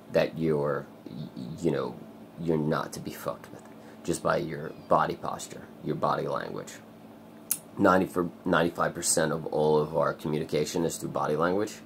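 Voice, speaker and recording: Very deep, gravelly-voiced man rambling. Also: a little hiss or hum. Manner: rambling, swears a lot, many fillers. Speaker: vlogger. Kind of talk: casual personal vlog.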